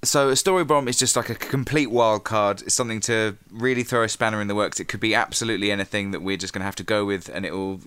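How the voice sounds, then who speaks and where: A man's voice: on the low side, fast talker, hardly any pauses, fairly bright tone, clean tone. A man co-hosting a comedy podcast, explaining things in a casual, laughing way. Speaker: podcast co-host.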